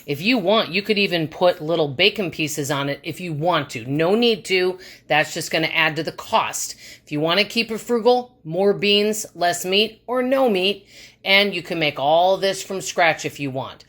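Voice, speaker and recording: A woman's voice: fairly low pitch, normal speed, fairly bright tone. A woman hosting a cooking vlog from her home kitchen, talking through frugal recipes in a chatty, encouraging way. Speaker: cooking vlogger. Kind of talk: casual cooking demonstration.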